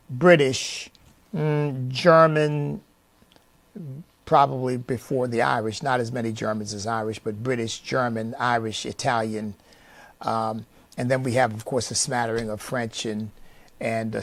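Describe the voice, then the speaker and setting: Gravelly-voiced man making an earnest appeal. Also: mid-range voice, dry recording. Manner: earnest, preacher-like emphasis with frequent fillers. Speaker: leader of a conservative organization. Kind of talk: speech appealing for support.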